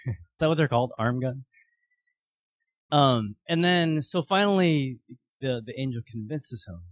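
A man preaching a sermon, telling a story with lively, animated voices for its characters. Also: mid-range voice, measured pace, pauses often, dry recording. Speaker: pastor.

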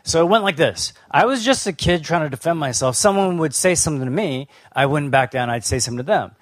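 A man's voice: a little high, animated, fast, no room sound. A young adult man from Canada giving a sermon, telling his own story in a casual, conversational way with fillers and restarts. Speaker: pastor.

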